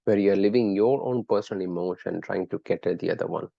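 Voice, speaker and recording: A man's voice: low voice, quick pace, vocal fry, dry recording, dull audio. A man teaching a live online class, chatting with students and quizzing them by name in an encouraging way. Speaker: lecturer.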